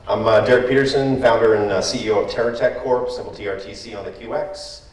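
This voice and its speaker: A man rattles off his company introduction at a rapid clip, with plenty of fillers. His voice sits low, and he sounds distant in an echoey hall. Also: darkish tone. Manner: fast, with many fillers. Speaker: company CEO, panelist. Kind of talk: panel self-introduction.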